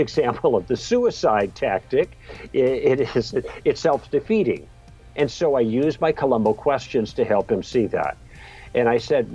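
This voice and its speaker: A middle-aged man tells a story in a genial, chuckling way, his voice husky at an average pitch. The recording sounds dull and lo-fi. Soft music plays quietly underneath. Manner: friendly, chuckles while telling the story. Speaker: podcast guest. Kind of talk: storytelling in an interview.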